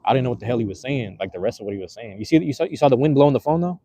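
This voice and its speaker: A man's voice: mid-range voice, lively intonation, very fast, warm tone, no room sound. A man streaming from his phone outdoors, chatting casually with his viewers in loose, slangy, rambling talk. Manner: loose slangy rambling, many fillers and restarts. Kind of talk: casual live-stream chat. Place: outdoors on the street. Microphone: handheld phone.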